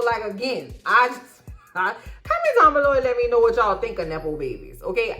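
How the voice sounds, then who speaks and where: Woman vlogger, casual recap commentary, sassy, slangy, profane, mid pitch, faint background music. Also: fairly bright tone.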